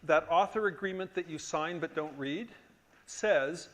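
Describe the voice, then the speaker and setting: A man's voice: a little high, measured pace. A middle-aged man teaching a conference tutorial, emphatic and joking, often checking that the room agrees. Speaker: workshop instructor. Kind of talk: lively conference tutorial lecture.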